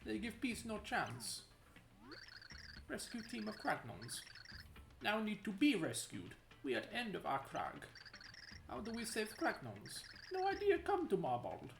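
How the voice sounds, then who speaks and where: A woman plays a slow-witted male rock-creature chief, speaking in broken grammar and surfer slang with an invented Italian accent laced with country twang. Her medium-pitched voice is creaky and exaggerated, swinging wildly in pitch at a measured pace as she pleads. The recording sounds like an echoey room with game music behind her.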